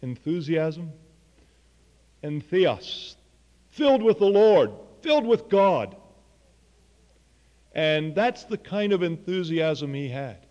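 A man's voice: a little high, big pitch swings, slow, long pauses, darkish tone, long reverb tail, dull audio. A man preaching a sermon, telling a story earnestly and voicing the people in it. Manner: earnest storytelling with quoted dialogue.

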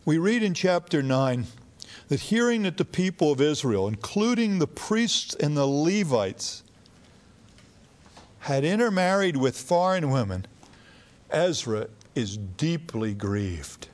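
A man's voice: a little high, sing-song, slow pace. A man preaching a sermon in a conversational teaching manner, reading scripture aloud with rising emphasis.

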